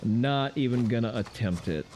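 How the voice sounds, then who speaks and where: A man's voice: mid-range voice, normal speed, noisy background. A man giving loose, profane gameplay commentary on a stream, with wry asides to his chat. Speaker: game streamer.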